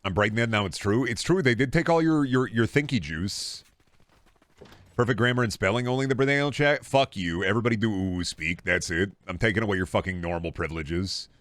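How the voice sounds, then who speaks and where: A man's voice: lowish voice, fairly bright tone, no echo. A young male streamer riffing on his chat in a crude, sarcastic, casual way.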